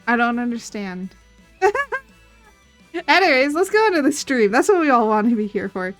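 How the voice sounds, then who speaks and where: A woman's voice: on the high side, very animated, a little slow, a bit bright. A woman chatting casually on her art livestream, rambling and giggling as she retells stories. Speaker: streaming artist. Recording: faint background music.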